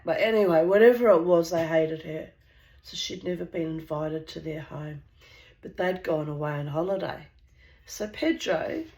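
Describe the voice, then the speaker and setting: A woman's voice: on the low side, gravelly, low-quality recording. Rambling blunt New Zealand woman. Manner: rambling, blunt, swears, coughs now and then. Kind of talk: casual anecdote.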